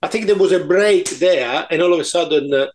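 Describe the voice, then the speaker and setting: A man in his fifties with an Italian accent, chatting casually on a podcast, halting often with fillers and restarts and joking at his own expense. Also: a little high. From Italy. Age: 50s. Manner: hesitant, many fillers and restarts, self-mocking humour. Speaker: podcast co-host. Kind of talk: casual chat.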